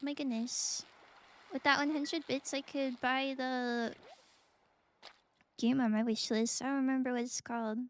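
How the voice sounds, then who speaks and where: Giggly, high-voiced woman streamer. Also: level tone, unhurried, pauses often. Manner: playful, giggly, talks to chat. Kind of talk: casual live-stream chat while gaming.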